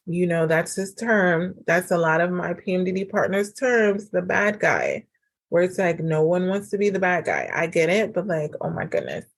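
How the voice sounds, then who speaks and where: A woman talks through a casual solo podcast episode, giving relationship advice in a chatty, animated way. Her voice sits a little low for a woman, and she fills her sentences with "like" and "um.". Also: moderate pace. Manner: chatty and animated, acts out quoted dialogue; frequent fillers like "like" and "um". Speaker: podcast host and relationship coach.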